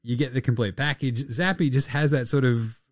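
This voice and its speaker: A man's voice: medium pitch, moderate pace, no echo. Young aussie guy on a sports podcast, swears a lot, jokey, dry close sound. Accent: Australian. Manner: swears freely, animated and jokey. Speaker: podcast co-host. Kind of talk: casual sports chat.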